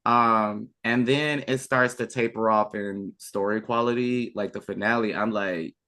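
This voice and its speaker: A man's voice: lowish voice, steady tone, unhurried, pushed and bright. Brief: young man, podcast guest, chatty, enthusiastic, lots of ums and restarts. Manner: chatty and enthusiastic, trailing fillers. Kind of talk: casual chat.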